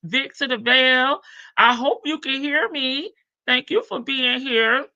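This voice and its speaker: An older woman with a high, sharp voice hosts a casual live stream, unhurriedly greeting viewers one at a time and drawing out each hello. The stream audio is dull and lo-fi, with no room sound.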